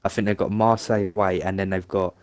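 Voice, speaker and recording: A man's voice: low voice, little pitch movement, quick pace, no echo. A man chatting casually about a football game, rambling and restarting his sentences. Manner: chatty, rambling, restarts often, laughs along. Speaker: podcast co-host.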